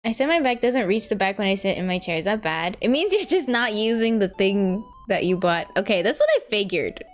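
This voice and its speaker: A woman's voice: mid-range voice, expressive, a little fast, faint music behind. A young woman VTuber chatting casually on a live stream while she draws, rambling, laughing often and answering her chat.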